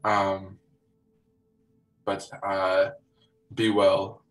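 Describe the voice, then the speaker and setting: A man voicing a calm, helpful female informant, speaking in a measured, halting way. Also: deep voice, distant mic, low-quality recording.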